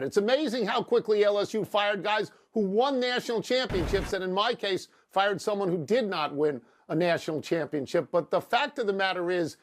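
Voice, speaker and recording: High-voiced wry male sports host. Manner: wry, teasing, dry sarcasm. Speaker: sports talk show co-host. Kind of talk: sports debate show.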